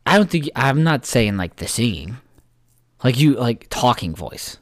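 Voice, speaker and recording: A man's voice: mid-range voice, very animated, measured pace, no echo, studio quality. A man in casual podcast chat, loose and joking, swearing freely.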